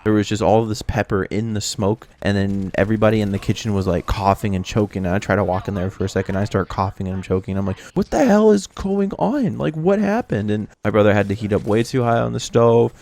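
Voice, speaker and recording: A young man telling a casual storytime vlog, animated with exaggerated reactions. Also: on the low side, quick pace, few pauses. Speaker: video creator.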